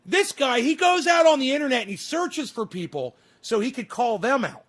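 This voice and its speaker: High-voiced profane ranting man. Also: animated, moderate pace, a bit bright. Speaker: livestreamer. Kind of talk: casual livestream rant.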